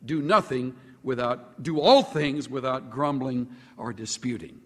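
A man preaching a sermon to a congregation, animated, stretching out key words for emphasis. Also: in a large hall. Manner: animated, sweeping pitch swings with slow drawn-out emphasis. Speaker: pastor.

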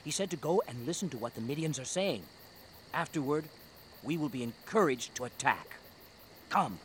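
A man voicing Gideon, an earnest adult Israelite leader who commands his army in an animated Bible story. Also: mid-range voice, normal speed, background noise, close to an everyday voice. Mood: earnest, hushed. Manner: earnest, commanding when rallying troops.

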